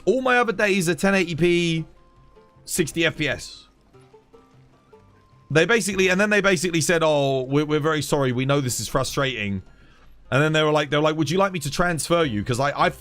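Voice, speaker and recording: A man's voice: on the high side, expressive, a little fast, a bit bright, soft background music. Exasperated man streaming. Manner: exasperated, rambling, repeats himself. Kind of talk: casual live-stream chat.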